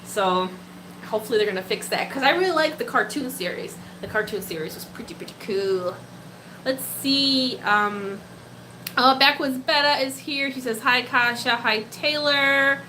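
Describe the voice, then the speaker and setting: A pet-keeping streamer, this young Polish woman grew up speaking Polish and chats casually through viewer comments, giggling and breaking into baby talk with her pet. Her high voice sounds pushed and bright at a moderate pace, and the poor audio carries slight background noise.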